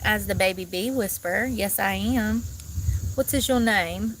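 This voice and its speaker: A woman vlogging casually outdoors in the mountains, chatty and animated as she talks to viewers. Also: mid-range voice, a little slow, rough recording. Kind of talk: casual outdoor vlog chat. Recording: outdoor noise, crickets audible.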